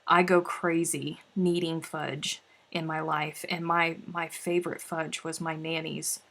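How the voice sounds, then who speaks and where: A woman's voice: deep voice, little pitch movement, a little slow, a bit bright. A woman hosting a casual craft livestream, chatting and reading out viewer comments with sighs and laughs. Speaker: livestream host. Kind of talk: casual chat while crafting.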